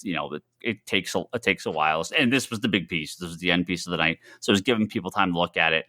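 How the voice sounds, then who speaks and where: A man co-hosting a podcast tells a story with animated energy, his voice swinging widely in pitch. His tone is bright, and he often restarts his sentences. The talk is loose and casual. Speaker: podcast co-host. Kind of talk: casual chat.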